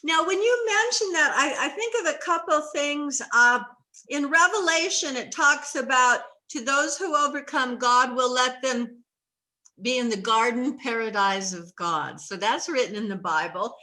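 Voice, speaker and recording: A woman's voice: high voice, unhurried, sharp tone. A woman hosting a faith talk show interview, earnest and emotional, sometimes laughing or tearful. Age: older. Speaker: host.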